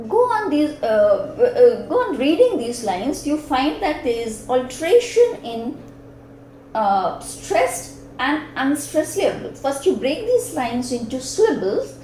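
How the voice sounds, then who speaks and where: Slow, lively-pitched Indian woman lecturing. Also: a little hiss or hum. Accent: Indian English. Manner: slow, deliberate explaining with frequent "uh" pauses. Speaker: English literature lecturer. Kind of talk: recorded lecture on poetry. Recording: echoey room with faint ambience.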